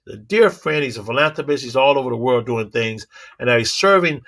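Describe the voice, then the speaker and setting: A man giving a motivational talk, telling animated stories with sound effects and rhythmic, preacherly repetition. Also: mid-range voice, a little fast, gravelly. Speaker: motivational speaker.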